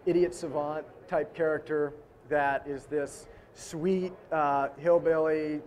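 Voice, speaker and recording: Film director guy telling funny stories, animated and jokey, kinda high voice. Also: slow. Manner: animated, joking, acts out voices. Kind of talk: casual interview storytelling.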